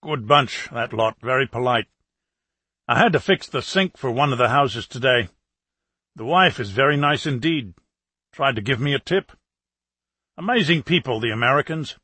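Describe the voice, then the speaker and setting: A man's voice: medium pitch, animated, normal speed, long pauses, sharp tone, breathy edge, no room sound. A man voicing a chatty plumber. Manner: gossipy, talkative. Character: chatty middle-aged male British plumber, ex-soldier.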